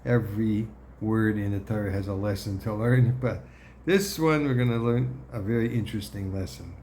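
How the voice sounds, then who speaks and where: A man giving a Torah lesson in a deliberate manner, often clearing his throat and checking in with his listeners. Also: fairly low pitch, a little mellow, a little hiss or hum. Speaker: Torah teacher.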